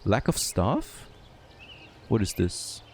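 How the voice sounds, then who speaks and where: A man who is not a native English speaker, thinking aloud and getting excited as he comments on a city-building game. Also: lowish voice, slow pace, slight background noise. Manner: thinking aloud, easily excited, frequent "there you go". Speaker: gameplay commentator. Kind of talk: let's play commentary.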